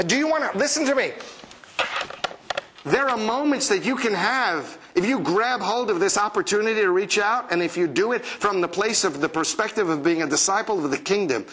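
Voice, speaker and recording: High-ish voiced guy preaching, super animated, doing little voices for people. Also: moderate pace, a little hiss or hum. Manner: animated, acts out quoted voices, chuckles often. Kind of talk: lively sermon. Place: church service with congregation.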